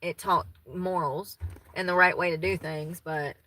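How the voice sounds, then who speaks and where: A woman's voice: fairly low pitch, fairly even intonation, unhurried, pushed and bright, rough recording. A woman in her thirties with a Southern US accent, chatting casually and folksily with her viewers and laughing easily. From Southern United States. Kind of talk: casual chat with live viewers.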